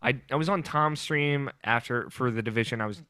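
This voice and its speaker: A man's voice: medium pitch, a little fast, pushed and bright, clean tone, no echo, studio quality. A man hosting a podcast, plugging the show in an upbeat tone with many fillers while chatting over an online call. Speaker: podcast host. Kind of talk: casual chat and show plugs.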